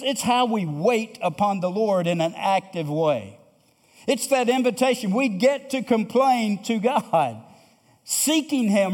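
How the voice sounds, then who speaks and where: A pastor preaching a sermon, earnest and emphatic, who repeats phrases and asks the congregation rhetorical questions. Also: male voice, high voice, a little mellow. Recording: long hall reverb.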